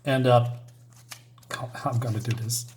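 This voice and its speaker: A man's voice: medium pitch, fairly even intonation, unhurried, a little mellow, slight background noise. Chatty man reviewing a comic. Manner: hesitant, many fillers, chuckling asides.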